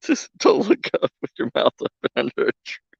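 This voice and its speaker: A man's voice: high voice, huge pitch swings, brisk, creaky, breathy edge, no echo, muffled recording. A man streaming a game, bantering with his chat in a joking, giggly way. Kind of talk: casual chat to stream viewers.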